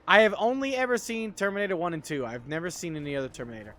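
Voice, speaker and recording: A man's voice: high voice, racing, hardly any pauses, fairly bright tone, faint music behind. A sleepy man casually chatting while streaming a game, rambling and swearing freely. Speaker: gaming streamer. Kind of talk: casual game livestream chat.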